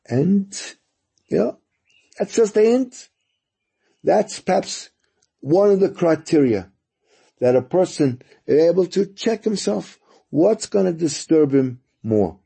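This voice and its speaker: A male radio host telling a moral story in a Torah talk, halting and repeating words as he goes. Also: sits high, very animated, vocal fry, mellow, breathy edge.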